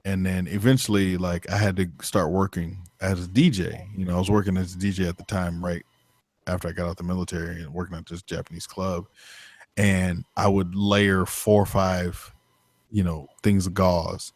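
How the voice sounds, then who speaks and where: Podcast co-host, male, low voice, rambling and profane, filler-heavy casual storytelling, dry close sound. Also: little pitch movement, normal speed, no room sound.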